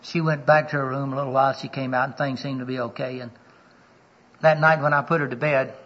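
An older man preaching a sermon, telling personal stories and acting out the dialogue in them, earnestly, often dropping to a hushed voice for the personal moments. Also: mid-range voice, little pitch movement, fast. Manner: storytelling, acts out quoted dialogue with his voice. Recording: dull lo-fi recording.

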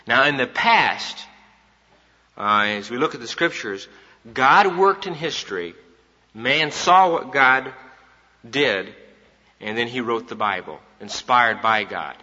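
Speaking slowly with long pauses, a man preaches an evening sermon in an expressive, mid-range voice that is bright and forceful. He is emphatic and repeats his key points for the congregation, in a dull recording in a reverberant hall.

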